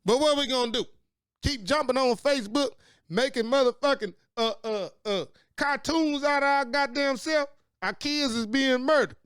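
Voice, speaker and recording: A man's voice: extremely high pitch, moderate pace, fairly bright tone, smooth, no room sound, studio quality. A man in his late forties hosting his own talk show, delivering an angry, profane, preachy monologue. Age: late 40s. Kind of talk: impassioned monologue.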